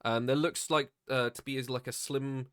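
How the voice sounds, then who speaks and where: Steady and smooth at a moderate pace, a man's medium-pitched, fairly bright voice carries his dungeon master narration. He describes the tabletop action with hesitation, plenty of ums, and regular laughs.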